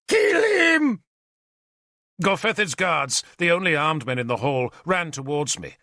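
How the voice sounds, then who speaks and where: Brief: male audiobook narrator, gravelly texture, lively dramatic reading, dry close sound. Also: mid-range voice, no room sound. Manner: dramatic storytelling. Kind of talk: scripted first-person narration.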